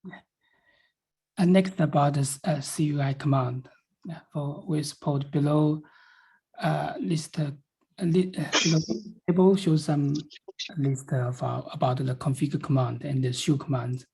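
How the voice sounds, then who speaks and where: Slow gravelly man presenting a design. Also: on the high side, fairly even intonation, warm tone, poor audio. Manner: halting, with many restarts and fillers. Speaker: feature presenter. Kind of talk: technical meeting presentation. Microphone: video call.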